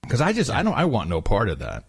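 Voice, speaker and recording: A man's voice: on the low side, huge pitch swings, fast talker, gravelly, slightly rough, no echo, clean studio sound. A man co-hosting a podcast, telling a travel story casually and acting out the people he quotes in mocking voices. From Netherlands. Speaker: podcast co-host.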